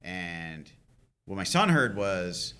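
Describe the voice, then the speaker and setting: A man in his forties in casual live podcast chat, an animated storyteller who laughs often. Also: low voice, takes it slowly. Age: 40s.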